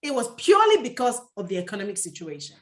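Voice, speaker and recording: A woman's voice: mid-range voice, huge pitch swings, fast. A woman from Nigeria, in her thirties, hosting a livestream and giving passionate career advice as an HR coach.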